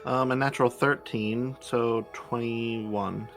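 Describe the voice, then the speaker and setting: Player, male, bright tense voice, hesitant, self-correcting. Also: mid-range voice, steady tone, slow, vocal fry, faint music behind. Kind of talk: casual tabletop play.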